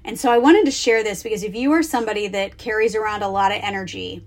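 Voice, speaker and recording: A woman in her thirties hosting a podcast, talking casually from a closet at home in a chatty, animated way with lots of fillers. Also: mid-range voice, quick pace. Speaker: podcast host. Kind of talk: casual solo podcast talk.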